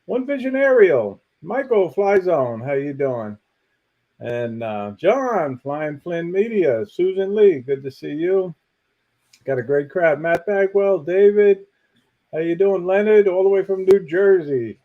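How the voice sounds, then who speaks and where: A chummy co-host, a man, calls out greetings to viewers on a livestream. His voice sits fairly high, and it comes through a dull, lo-fi remote audio line. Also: expressive, unhurried. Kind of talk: casual livestream chat.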